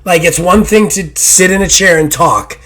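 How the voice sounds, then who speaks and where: A hoarse man hosting a gaming podcast, rambling and self-deprecating in casual chat, swearing now and then. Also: high voice, moderate pace, sharp tone. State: hoarse after illness. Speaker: podcast host.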